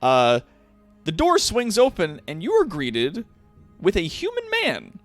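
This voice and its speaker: A man runs a tabletop role-playing game, describing scenes in a relaxed way. His voice rises and falls a lot as he narrates. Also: high voice, a little slow, faint music behind. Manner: relaxed, with frequent fillers. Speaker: game master.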